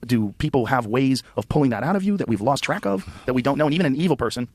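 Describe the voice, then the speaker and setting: Man, podcast host, blunt and enthusiastic, swears a lot, rapid speech, dry close sound. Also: mid-range voice, lively intonation, no room sound. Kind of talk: casual podcast chat.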